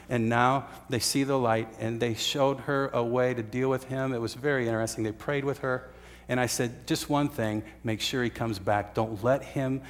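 Man, pastor, earnest sermon storytelling, mid-pitched voice, long church reverb. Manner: earnest storytelling with filler uhs and restarts.

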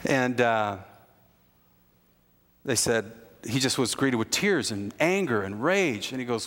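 A man preaching an earnest sermon as pastor, rising at times to excited emphasis. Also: medium pitch, measured pace, pauses often. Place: church sanctuary. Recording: long reverb of a large hall.

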